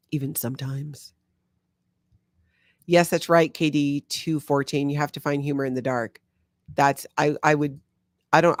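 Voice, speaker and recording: A woman from Hawaii, whose Hawaiian accent carries a slight Minnesotan tinge, hosts a livestream, reading live chat, talking casually with viewers and laughing often. Her voice is low, and the clean studio sound has no echo.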